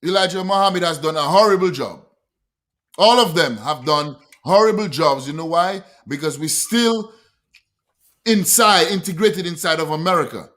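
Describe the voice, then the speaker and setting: Man, slightly high voice, preachy co-host. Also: moderate pace, fairly bright tone. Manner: preachy, emphatic. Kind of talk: casual podcast chat.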